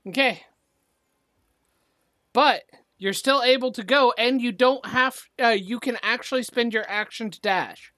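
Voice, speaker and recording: Female GM, slow and measured delivery, dry close mic, counts moves aloud. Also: a little high, fairly bright tone, no echo. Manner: unhurried, counting squares aloud. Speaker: game master. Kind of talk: running a tabletop game online.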